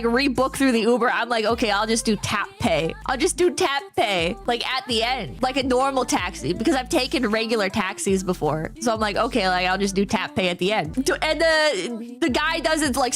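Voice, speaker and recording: A woman streamer tells a story to her live chat, laughing a lot and cursing along the way. Her voice sits high and swings widely in pitch. Faint music plays quietly behind her. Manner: animated, laughs often, swears casually.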